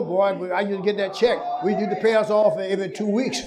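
A man preaching a sermon to a congregation, building from talk to shouted call-and-response. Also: high-pitched, fairly even intonation, fairly quick. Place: large church hall with congregation. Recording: crowd noise from congregation.

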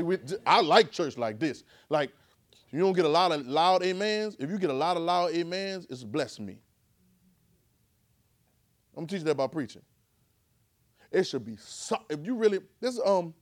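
A man preaching a sermon in church, calling and answering with the congregation and rising into shouts. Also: sits high. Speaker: pastor.

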